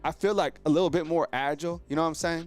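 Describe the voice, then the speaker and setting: A man hosting a casual live sports show, talking excitedly in slang to his viewers, heavy on fillers and exclamations. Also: fairly high pitch, racing, faint music behind. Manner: animated, exclaims and addresses viewers as fam. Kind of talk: casual live-stream commentary.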